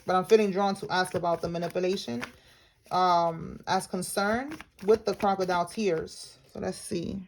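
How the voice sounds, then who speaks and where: A woman's voice: lowish voice, fairly even intonation, normal speed, a little hiss or hum. A woman giving a casual tarot reading to her viewers, talking in a slangy, blunt way and calling them y'all. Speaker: tarot reader.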